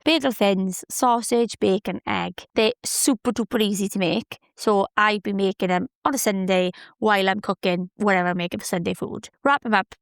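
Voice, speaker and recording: A woman's voice: medium pitch, dry recording, clean studio sound. Chirpy woman chatting on a podcast. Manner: chirpy, chatty, laughs often. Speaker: podcast host. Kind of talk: casual solo podcast chat.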